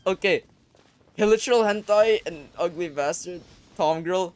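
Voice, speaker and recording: Crude excitable young man gaming. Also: sits high, measured pace, no room sound. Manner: crude, excitable, with sudden loud outbursts. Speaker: gaming YouTuber. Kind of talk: casual gameplay commentary. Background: faint game music.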